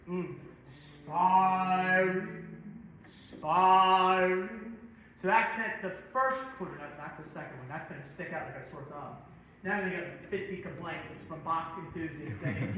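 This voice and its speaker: A man's voice: high-pitched, measured pace, sharp tone, a little hiss or hum. A man directing a choir rehearsal in a church, stopping to coach diction and sing out the words. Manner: stops and sings words to demonstrate diction. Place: large church sanctuary. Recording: very echoey church hall, faint music behind.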